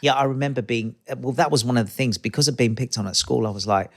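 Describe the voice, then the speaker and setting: A man's voice: mid-range voice, fast, creaky. A man, a guest telling rambling stories in a casual interview and acting out the voices of people he quotes. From Australia. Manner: chatty, rambling anecdotes, acts out quoted voices.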